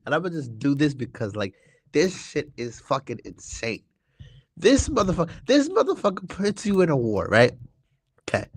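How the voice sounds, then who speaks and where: A man's voice: a little high, very animated, normal speed, husky. A young man hosting a political talk show, ranting heatedly with constant swearing and stammered restarts. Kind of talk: heated profane political rant.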